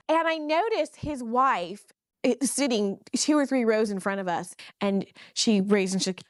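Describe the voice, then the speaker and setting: Middle-aged woman, lively storyteller, slightly high voice, dry close sound. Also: normal speed, dry recording. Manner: animated, acts out quoted voices. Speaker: ex-Mormon storyteller. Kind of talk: personal story told casually.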